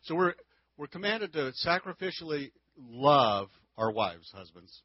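A man's voice: a little high, big pitch swings, a little slow, no room sound, lo-fi sound. A man giving a casual, folksy church lesson on marriage into a handheld microphone, with frequent restarts. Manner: folksy, conversational teaching with many restarts. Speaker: marriage teacher. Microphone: handheld mic.

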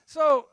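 A middle-aged man preaching a sermon, animated and humorous, asking his listeners questions. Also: no echo. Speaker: pastor.

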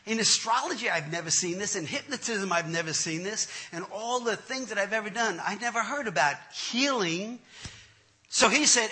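A man's voice: high voice, normal speed. A man, an entertainer, telling his testimony as a comic story, laughing as he goes. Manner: animated, laughing through the story.

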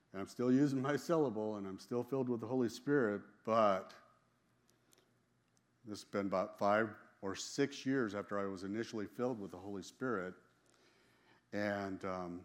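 A man sharing a personal religious testimony in a casual, storytelling way, emphatic and quick to laugh, often repeating and restarting his phrases. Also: fairly low pitch.

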